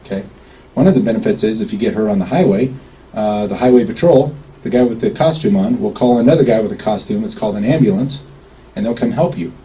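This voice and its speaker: A man's voice: fairly low pitch, quick pace, warm tone, poor audio. A man giving an informal talk to a small crowd, rambling in a folksy way and often checking in with "okay?". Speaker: speaker at a public gathering.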